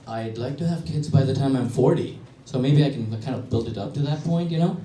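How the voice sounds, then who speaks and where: A man's voice: medium pitch, brisk, mellow, recorded from a distance, slight background noise. A man in his thirties performing a stand-up set, animatedly acting out both sides of his conversations. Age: 30s. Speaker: stand-up comedian. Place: comedy club stage. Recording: roomy, from off-mic, faint crowd. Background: audience laughter.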